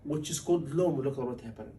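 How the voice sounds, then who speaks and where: A man teaching a surgery exam class, animated and asking his students questions often, acting out patient lines. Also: mid-range voice, rapid-fire. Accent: Liverpool. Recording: voice from a distance.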